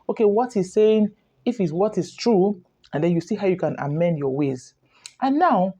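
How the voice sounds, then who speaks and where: A woman's voice: fairly low pitch, dark tone, husky. Earnest woman coaching couples. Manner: earnest, instructive, repeats points. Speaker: relationship coach. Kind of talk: advice talk to camera.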